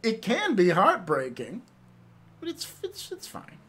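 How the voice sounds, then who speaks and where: A man's voice: high-pitched, huge pitch swings, measured pace, fairly bright tone, breathy edge. A man streaming and chatting casually with viewers, rambling and laughing often, with some swearing.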